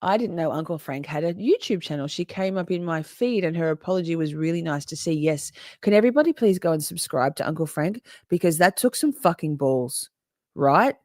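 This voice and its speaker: Chatty woman, low dry voice. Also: lively intonation, brisk, a little mellow, no room sound. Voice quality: chatty, swears freely, laughs often. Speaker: livestream host reading chat. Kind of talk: casual live chat with viewers.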